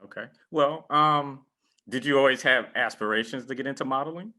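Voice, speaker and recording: A woman's voice: rumbling low, brisk, bright, forceful tone. A woman hosting an interview, asking questions and giving short, encouraging prompts. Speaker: interviewer, host.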